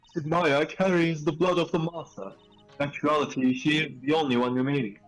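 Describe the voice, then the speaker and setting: A man's voice: a little high, wildly swooping pitch, a little slow, soft background music, exaggerated voice, low-quality recording. A man voicing a stern elderly woman from a village, formal and scolding, calling the listener "good sir" again and again.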